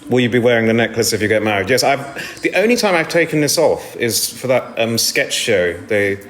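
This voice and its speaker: A man's voice: medium pitch, animated, brisk, a bit bright. Chatty man on a live stream. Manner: chatty, rambling, self-deprecating, reads comments aloud. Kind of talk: casual live stream chat. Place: indoors at home.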